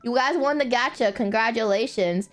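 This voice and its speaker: A woman streaming casual chat, animated and giggly, laughing often and swearing casually. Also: on the high side, normal speed.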